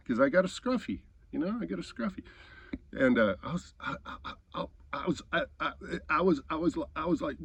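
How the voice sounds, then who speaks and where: A man's voice: a little high, expressive, moderate pace, gravelly, slightly rough, no room sound. A man telling an angry story in a heated, profane rant, often stumbling over his words and restarting. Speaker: host.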